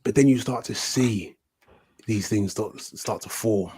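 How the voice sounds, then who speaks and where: A British man, telling animated, slangy stories as a guest in a casual chat. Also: on the low side, measured pace, slightly rough. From United Kingdom. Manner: animated, swearing, slangy storyteller. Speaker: podcast guest.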